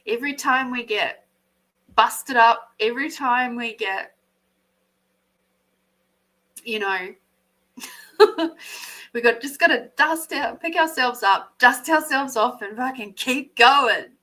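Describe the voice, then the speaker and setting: An Australian woman hosting a live card reading, animated, swearing freely and laughing often. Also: on the high side, slow, pauses often, poor audio. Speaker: intuitive card reader, podcast host.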